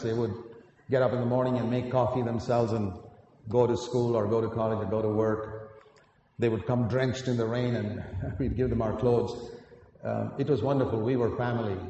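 A man preaching a sermon with earnest storytelling, climbing to emphatic peaks and then dropping quiet. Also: mid-range voice, highs cut off, a little hiss or hum. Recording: echoey hall, picked up from a distance.

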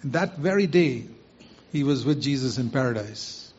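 A man's voice: medium pitch, animated, moderate pace, a little mellow, breathy edge. A man preaching a sermon, earnestly putting rhetorical questions to his listeners. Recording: muffled lo-fi recording.

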